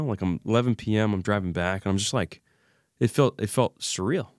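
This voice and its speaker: A man as an interview guest, recounting a personal crisis in an animated way and acting out the dialogue he remembers. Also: on the low side, brisk, no room sound, clean studio sound. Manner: animated retelling, acts out remembered dialogue, many fillers. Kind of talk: emotional personal storytelling.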